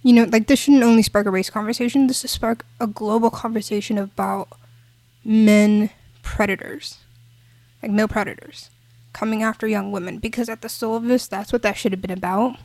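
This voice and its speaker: A woman's voice: mid-range voice, steady tone, a little fast, a little mellow, dry recording. A woman co-hosting a podcast, talking in a casual, emphatic and impassioned way. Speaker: podcast co-host.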